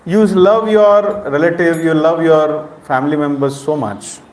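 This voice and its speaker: This spiritual speaker, a middle-aged man with an Indian accent, has a fairly high, darkish voice with fairly even intonation and an unhurried delivery. He addresses questions directly to the audience in an interactive lecture, recorded in an echoey temple hall.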